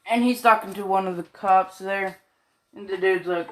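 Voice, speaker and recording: A woman's voice: medium pitch, flat delivery, moderate pace. A tired woman rambling casually in slang and swearing as she retells a fan story late at night.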